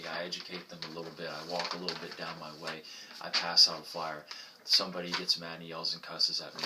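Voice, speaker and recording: Low-voiced man giving plain instructions. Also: bright, forceful tone. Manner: plainspoken, acts out exchanges. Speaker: group organizer giving instructions. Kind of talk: casual instructional talk. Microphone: phone camera. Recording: phone recording from a distance, faint noise.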